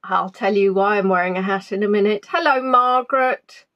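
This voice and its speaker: A woman's voice: mid-range voice, moderate pace, a bit bright, lo-fi sound. A woman chatting casually from her spare room at home before an online tour, greeting viewers by name with plenty of ums. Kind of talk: casual pre-tour chat on a live stream.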